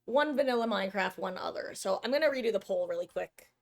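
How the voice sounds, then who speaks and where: A woman's voice: medium pitch, expressive, quick pace. A woman streamer chatting casually to her viewers through a headset, rambling through stories. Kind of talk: casual live-stream chat.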